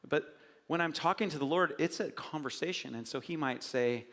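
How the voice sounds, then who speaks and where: Middle-aged pastor guy, kinda high voice, joking around mid sermon, big church echo. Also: moderate pace. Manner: animated, jokey storytelling with acted asides. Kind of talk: conversational sermon. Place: church sanctuary. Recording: church hall reverb.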